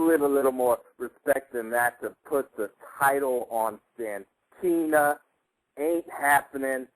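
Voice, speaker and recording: A man's voice: mid-range voice, poor audio. A man co-hosting a radio show, arguing his quiz answer in an emphatic, opinionated way. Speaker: quiz contestant and co-host. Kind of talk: casual radio chat.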